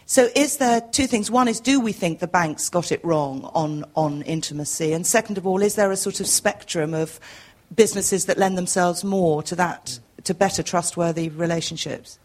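A woman's voice: on the low side, moderate pace, darkish tone. Articulate woman asking from the floor. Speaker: audience member asking a question. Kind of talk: question from the floor.

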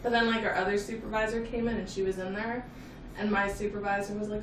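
A woman co-hosting a podcast, telling stories in an animated casual chat, saying "like" often and laughing. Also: mid-range voice, a little fast, distant mic. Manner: animated storytelling, laughing, frequent "like". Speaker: podcast co-host. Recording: roomy, off-mic, noisy.

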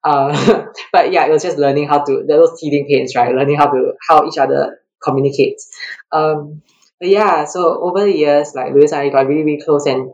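Animated woman telling stories. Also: moderate pace, rough recording. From Singapore. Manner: animated, laughing, acts out quotes with rising pitch. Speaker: track athlete guest. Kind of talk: casual interview storytelling.

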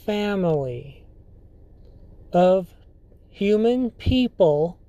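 Podcast host, casual storytelling, slow halting delivery, mellow tone, dry close sound. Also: medium pitch, no room sound. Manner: halting, filler-heavy, often restarts sentences.

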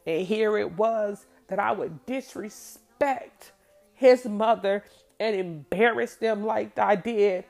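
A woman's voice: mid-range voice, takes it slowly, creaky, a little mellow, soft background music. A woman telling a personal story from her past, candid, blunt and profane.

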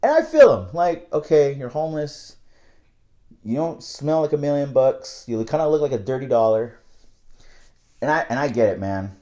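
A man's voice: mid-range voice, very animated, moderate pace, dark tone. A young man telling a casual, candid story about his night-shift work, rambling and swearing freely.

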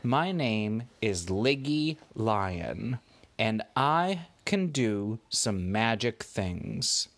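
A man voicing a big, soft-hearted magical lion in a bedtime story, speaking slowly and deliberately. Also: sing-song, heavily acted. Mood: proud. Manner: slow, deliberate, lowered voice.

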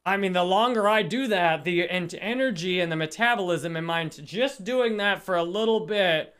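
A man's voice: sits high, normal speed, fairly bright tone, clear, resonant tone. A man hosting a casual livestream book discussion, talking earnestly and greeting viewers in the chat. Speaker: livestream host.

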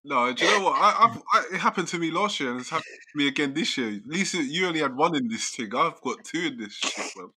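A man, talking in a relaxed, slangy way. His voice is very bright and forceful, and he often laughs while he tells a story. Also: on the high side, fast talker, hardly any pauses, husky. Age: 30s. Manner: laughs through his own stories, slangy. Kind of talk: casual chat.

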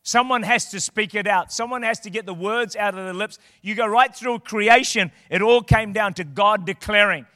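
A man preaching a sermon in a church, impassioned and building to shouted declarations. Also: high voice, moderate pace, few pauses, no echo, clean studio sound, long reverb tail. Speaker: guest preacher. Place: church auditorium.

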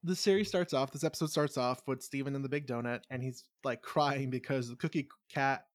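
A man co-hosting a casual podcast, quick to tease and fond of swearing. His voice sits at a middling pitch and is recorded close and dry, with no room sound. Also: steady tone, dry recording. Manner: jokey, profane, teasing. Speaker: podcast co-host.

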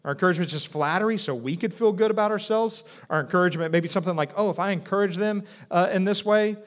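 A man in his thirties preaching from the pulpit, his voice sitting a little high for a man. He talks in an earnest, conversational way, restarting phrases often and dropping softer when he voices quoted speech. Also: fast. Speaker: pastor. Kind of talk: sermon.

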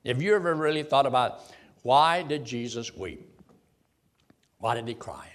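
A man's voice: medium pitch, lively intonation, measured pace. A man teaching a Bible study, reading scripture aloud and putting questions to the group in a folksy way. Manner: folksy, reads King James verses aloud and quizzes the group.

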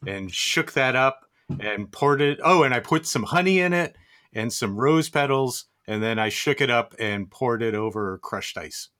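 Male producer, bright and animated, casual and descriptive. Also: medium pitch. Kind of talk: casual chat.

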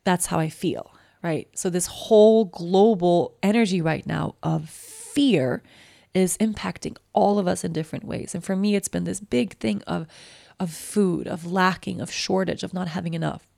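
A woman in her thirties talks through her fears on her own podcast, with a heavily gravelly, low-pitched voice. She rambles candidly, near tears, and the recording is very dry and close. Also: moderate pace, dark tone, no room sound. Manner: candid, emotional, rambling with many fillers. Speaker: podcast host. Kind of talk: personal podcast monologue.

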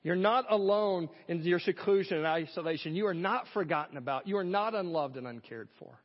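High-voiced man preaching a sermon. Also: a little fast, big-room sound, lo-fi sound. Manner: earnest preaching with rhetorical questions. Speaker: pastor.

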